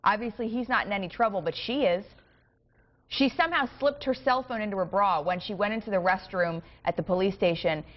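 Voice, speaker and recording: A woman's voice: medium pitch, brisk. A woman co-hosting a TV show, reading and riffing on odd stories in a sarcastic, playful way. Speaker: morning show co-host. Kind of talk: casual news banter. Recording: dull lo-fi broadcast audio with faint music.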